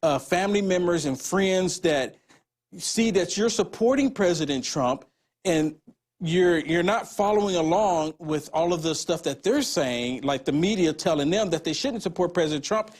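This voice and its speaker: A man hosting an interview, asking long rambling questions with many halting restarts. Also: sits high. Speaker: interviewer host.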